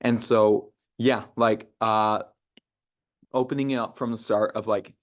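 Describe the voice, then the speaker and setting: Unhurried and fairly low-pitched, with fairly even intonation, a young man runs a casual online sales training for his team. He keeps it conversational, restarting often and saying "uh" a lot while role-playing sample phone lines.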